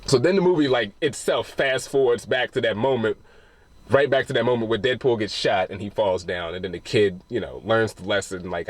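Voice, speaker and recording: A man's voice: fairly low pitch, brisk, dry recording. A man giving a casual, rambling spoiler review of a film, retelling scenes with plenty of swearing.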